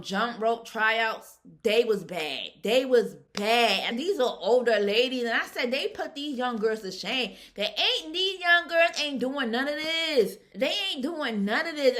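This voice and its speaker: A woman giving a casual, animated recap of a reality show episode, chatting colloquially and laughing often. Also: a little high.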